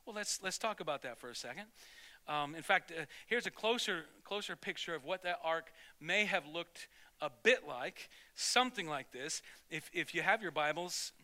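A male pastor preaching in a high-pitched voice with a piercing, bright edge. He tells his sermon as an animated story, breaking off and restarting mid-sentence. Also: moderate pace. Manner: storytelling, animated, self-interrupting.

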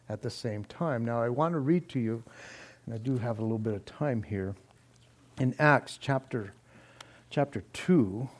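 A man's voice: mid-range voice, darkish tone. A middle-aged man preaching an expository sermon, reading scripture aloud with earnest emphasis. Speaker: pastor.

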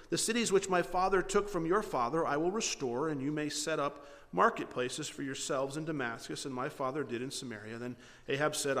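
A man's voice: fairly high pitch, big-room sound. A man preaching a sermon, reading scripture and retelling it by acting out the characters' lines in his own words. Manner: animated, acts out characters' lines in paraphrase. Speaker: pastor.

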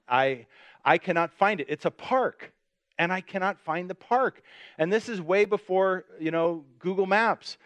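A man's voice: a little high, a bit bright, dry recording. A middle-aged man preaching a sermon, telling a personal story with self-mocking humor and acting out the voices in it. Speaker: pastor.

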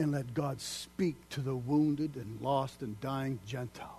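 A male pastor preaching a sermon, swinging from loud, excited declaiming down to hushed, almost whispered lines, then leading a prayer. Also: medium pitch, measured pace, hardly any pauses, a little hiss or hum.

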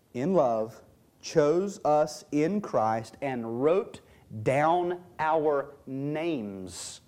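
Male preacher, sermon delivery, slightly high and warm voice, emphatic scripture teaching. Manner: emphatic, stresses key words, reads and explains scripture.

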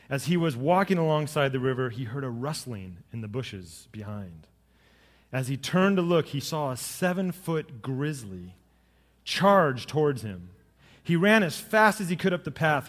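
A middle-aged man, a pastor, giving a sermon with jokes and storytelling that rise to lively emphasis. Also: a little high, big-room sound.

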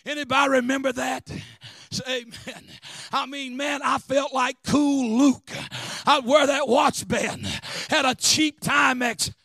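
A middle-aged man preaches in a very high, gravelly voice. He swings between hushed storytelling and shouted, chanted lines, calling for amens. The recording is close and dry. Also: steady tone, unhurried, no room sound. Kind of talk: sermon.

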